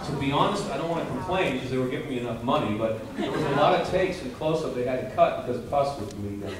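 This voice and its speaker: A man's voice: medium pitch, expressive, fast, very noisy. A man answering fan questions on a convention panel, playful and self-mocking. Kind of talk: joking convention Q&A. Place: large convention hall. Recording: echoey hall from far off, loud crowd.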